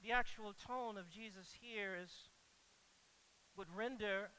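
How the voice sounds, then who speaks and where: A preacher delivering a sermon, swinging from quiet, low reflection to loud, pressing rhetorical questions, often stumbling over and repeating words for emphasis. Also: slow, rough recording. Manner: stammers and repeats words when stressing a point.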